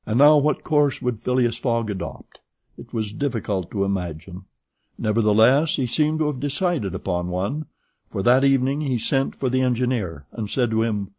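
A man reading a classic novel aloud as an audiobook narrator, in a steady, measured way. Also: medium pitch, dry recording.

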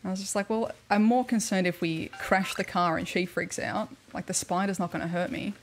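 A woman's voice: fairly low pitch, fairly even intonation, a little fast, few pauses. A young woman with an Australian accent, chatting casually and telling stories during a gaming livestream, laughing often. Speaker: streamer.

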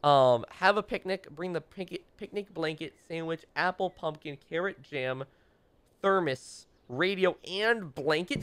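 A man's voice: a little high, measured pace, fairly bright tone, clean tone. A young man doing playful gameplay commentary as a let's play host, teasing and mock-dramatic, talking straight to the game characters.

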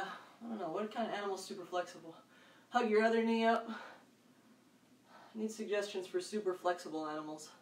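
A woman leading a workout for kids, calling out moves and counts in an upbeat, encouraging way, with loud bursts on the counts. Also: a little high, far from the mic. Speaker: fitness coach for kids. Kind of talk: leading a live kids' workout. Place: room at home. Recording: echoey room, voice off-mic.

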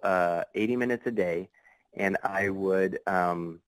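A man guesting on a podcast, recounting a story in a loose, rambling way full of fillers and false starts. His voice sits low. The sound is dry and close, with no room around it. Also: slow pace, dry recording, low-quality recording. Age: adult. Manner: rambling, many fillers and restarts. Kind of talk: casual storytelling.

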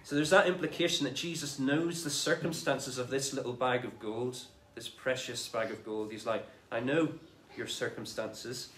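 A man preaching a sermon in a conversational, animated way, retelling scripture in everyday speech. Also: medium pitch, normal speed, hardly any pauses, roomy sound, slight background noise. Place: church.

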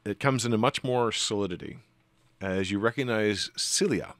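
Low-voiced man running a tabletop game. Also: moderate pace, no room sound. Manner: relaxed, many fillers. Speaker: game master.

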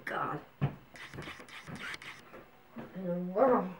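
A woman's voice: on the low side, animated, very slow, highs cut off, slight background noise. A woman from North Carolina, chatting casually to the camera in a home vlog and complaining as she goes. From North Carolina, USA. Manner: chatty, complaining, scolds her pet. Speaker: vlogger.

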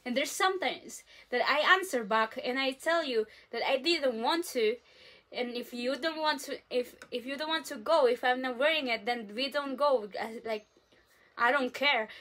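A young woman from the Philippines speaks to her camera in an unhurried, chatty way, and her slightly high voice swings into dramatic outbursts and laughter. She tells childhood stories as a casual vlogger. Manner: animated, self-described dramatic, lots of fillers and laughs.

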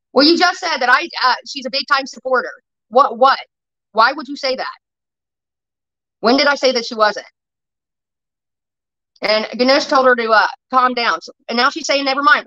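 A woman's voice: sits high, bright, forceful tone, muffled recording. A woman hosting a casual livestream, blunt and heavily profane as she reacts to chat comments. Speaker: livestream host.

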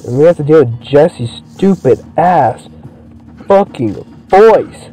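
A young man giving profane, excitable commentary while playing a video game. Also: fairly high pitch, slow pace, breathy edge, faint music behind, rough recording. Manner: profane, excitable, swears constantly. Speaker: gameplay streamer. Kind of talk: let's play commentary.

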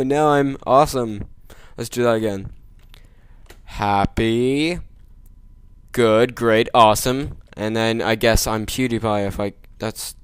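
A man doing gameplay commentary, joking, making sarcastic asides and yelling at the game. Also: fairly low pitch, smooth, no room sound. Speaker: let's play gamer.

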